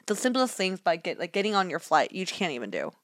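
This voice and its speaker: A young woman chats quickly on a podcast, her pitch bouncing all over as she acts out her own reactions. The sound is dry and close to the mic, with no room in it. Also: wildly swooping pitch, dry recording. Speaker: podcast co-host. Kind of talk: casual chat.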